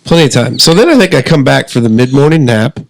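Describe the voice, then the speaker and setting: A middle-aged man from Southern Indiana, co-hosting a podcast in casual chat, relaxed and joking as he lays out his plans step by step. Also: mid-range voice, quick pace, vocal fry, slight background noise, low-quality recording. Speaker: podcast co-host.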